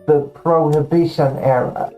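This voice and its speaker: Low, mellow-voiced woman streamer. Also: steady tone, unhurried, highs cut off, soft background music. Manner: playful, riffing on silly characters. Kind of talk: casual gaming chat with improv bits.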